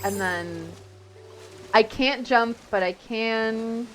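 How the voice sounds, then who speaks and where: Chatty, excitable woman streaming a game. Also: a little high, drawn-out words. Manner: excitable, chatty, gasps and laughs often. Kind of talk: casual live-stream chat while gaming. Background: game music.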